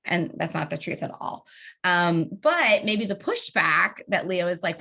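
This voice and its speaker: A woman's voice: lowish voice, lively intonation, moderate pace, creaky, sharp tone. A woman leading an online training session over a video call, talking casually and acting out example dialogues. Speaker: organizing trainer.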